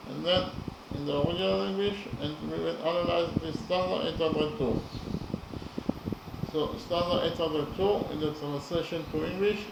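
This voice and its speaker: Slow, deliberate man in an echoey room. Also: a little high, creaky. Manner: deliberate, counts syllables aloud, frequent fillers. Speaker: lecturer on poetry. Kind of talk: slow analytical lesson. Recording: echoey room with audible background noise.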